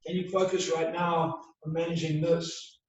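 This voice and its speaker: A man's voice: a little high, flat delivery, moderate pace, very echoey, far from the mic, highs cut off, background noise. A man giving a motivational talk, emphatic and full of repeated rhetorical questions. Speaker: motivational speaker.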